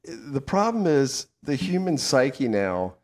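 A middle-aged man from the American South hosts a casual chat show. He talks with a Southern accent, swears freely, laughs often, and his pitch swings widely. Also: sing-song, takes it slowly, a little mellow. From southern United States. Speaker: podcast co-host.

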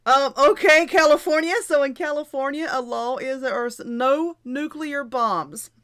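A middle-aged woman reads an article aloud on her own show, tossing in chatty asides and small laughs. Her voice sits a little high for a woman. The tone is loose and conversational. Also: unhurried, a bit bright. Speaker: host. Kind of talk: casual chat reading an article.

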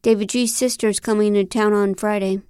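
A woman's voice: mid-range voice, brisk, smooth, dry recording, natural voice. Woman doing a chatty earnest guy in a storybook, kinda eager, dead dry booth sound. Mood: rueful. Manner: chatty, eager, animated outbursts. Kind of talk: audiobook character voice.

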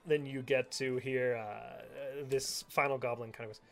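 Bright-voiced man narrating a tabletop game. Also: mid-range voice, steady tone, a little slow, vocal fry, soft background music. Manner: descriptive, with many fillers. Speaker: game master.

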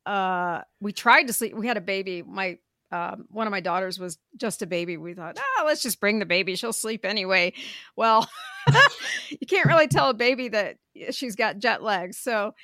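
A woman's voice: mid-range voice, expressive, normal speed, no echo. A middle-aged woman hosts a podcast, first reading a scripted introduction and then chatting easily. She laughs often, and her voice sits dry and close to the microphone. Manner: bright and warm, laughs often. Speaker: podcast host.

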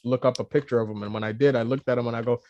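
A man co-hosting a casual chat, animated and hesitant, restarting his sentences often. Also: medium pitch, very fast, no room sound, dull audio. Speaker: podcast co-host.

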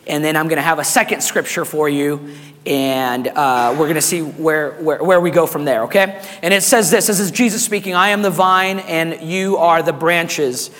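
A man preaching a sermon as pastor, hoarse and raspy, animated and calling on the congregation to respond. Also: on the high side, normal speed, big-room sound.

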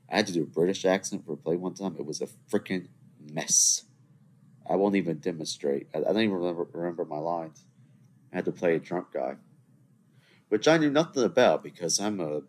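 Sitting at his computer indoors, a twenty-something solo podcast host rambles along, joking with his listeners. He speaks at a normal speed in a low voice, with a little hiss or hum on the recording.

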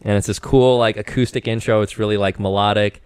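A man in his thirties, a podcast guest in casual chat, telling stories with growing excitement and bursting into shouted quotes. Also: fairly low pitch, a little fast, clear, resonant tone, dry recording.

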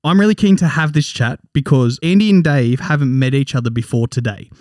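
A man's voice: mid-range voice, brisk, a little mellow, no room sound, studio quality. An Australian man in his twenties hosting a casual sports podcast, chatty and joking with his guests. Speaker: podcast host.

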